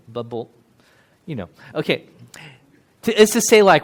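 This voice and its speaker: A man giving a casual, joking sermon in a church, chatty and quick to laugh. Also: high voice, sing-song, fairly bright tone. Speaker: pastor.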